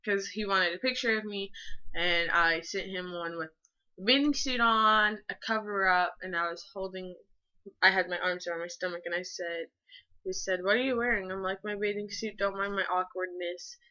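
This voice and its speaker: A woman's voice: medium pitch, fairly even intonation, normal speed, sharp tone, muffled recording. A teenage girl chatting casually to her viewers in a rambling, gushing way, full of filler words and the odd swear word. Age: teens. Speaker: vlogger. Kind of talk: casual chat.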